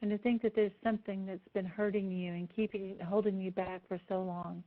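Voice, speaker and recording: A woman's voice: medium pitch, little pitch movement, a little fast, few pauses. Woman presenter, emotional and affectionate, narrow phone-like sound, web call mic. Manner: tender and emotional, close to tears; warm, affectionate address to attendees. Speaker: seminar presenter. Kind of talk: live online seminar talk. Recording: tinny phone-like audio.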